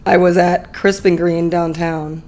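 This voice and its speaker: A woman's voice: fairly low pitch, level tone, measured pace, darkish tone, a little hiss or hum. A woman in her thirties, a podcast guest, telling a personal story candidly in a chatty, emotional way full of fillers.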